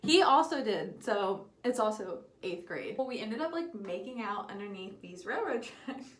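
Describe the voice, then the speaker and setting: A woman's voice: medium pitch, big pitch swings, moderate pace, reverberant. A young woman casually telling a story while doing her makeup, candid and giggly, swearing freely. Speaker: beauty vlogger.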